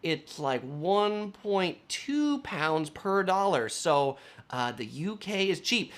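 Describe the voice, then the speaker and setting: An American travel vlogger talks casually and chattily, using frequent fillers. His voice sits high, slow and a bit bright, with a sing-song quality.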